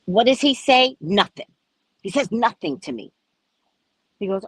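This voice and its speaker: Lively, chatty woman vlogger. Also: mid-range voice, unhurried, slightly rough, no room sound, low-quality recording. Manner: chatty, animated, frank and a bit profane. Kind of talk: casual storytelling vlog. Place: at a resort.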